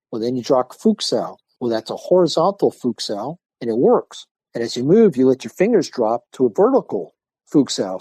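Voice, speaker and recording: Older man telling animated stories. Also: medium pitch, breathy edge, no echo. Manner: animated storyteller, acts out quoted voices. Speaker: martial arts instructor, podcast guest. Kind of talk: casual interview talk.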